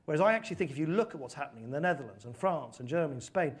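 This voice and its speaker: A man's voice: a little high, expressive, racing, breathy edge. A middle-aged British man speaking earnestly as a guest speaker, answering interview questions and telling stories with animation. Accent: British English. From United Kingdom. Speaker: guest speaker, former politician.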